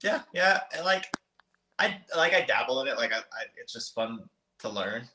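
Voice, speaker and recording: A young motocross racer in his twenties guests on a podcast, chatting casually but hesitantly with plenty of ums and restarts in an interview setting. His medium-pitched voice is animated, normal in speed, and sharp, recorded with a roomy echo and a little hiss or hum.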